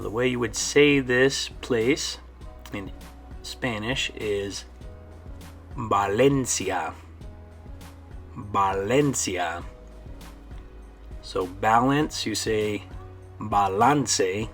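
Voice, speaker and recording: A man teaching a pronunciation lesson, saying each model word slowly and checking in often with the class. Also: on the low side, steady tone, vocal fry, a bit bright, faint music behind. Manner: slow, drawn-out model words with frequent "okay?" checks. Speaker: Spanish teacher.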